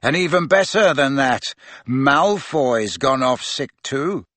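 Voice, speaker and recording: A man voicing a cheerful teenage girl who chats brightly. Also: medium pitch, lively intonation, slow pace, no echo. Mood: bright chatty. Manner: bright, chatty.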